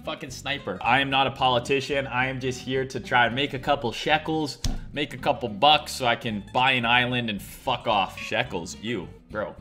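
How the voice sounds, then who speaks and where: A brash male livestream host with a bright, forceful voice, cursing freely through crude jokes about the crypto charts. He's sipping cider as he talks, over faint music. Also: medium pitch, steady tone, moderate pace. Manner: brash, crude, swearing and self-mocking. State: drinking cider, burping. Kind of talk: profane, joking livestream chart commentary.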